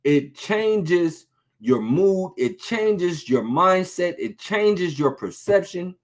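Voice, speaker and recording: A man's voice: sits high, lively intonation, slow. A man preaching an informal sermon, talking conversationally, repeating phrases for emphasis and asking rhetorical questions.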